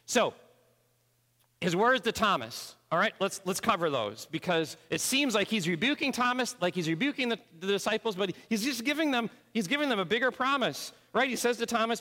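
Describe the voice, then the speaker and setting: A man preaching in a church sanctuary, his voice carrying a long hall reverb. He has a fairly high pitch for a man and moves between urgent appeals, heartfelt prayer and vivid storytelling. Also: big pitch swings, brisk, sharp tone. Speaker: pastor. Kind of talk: sermon.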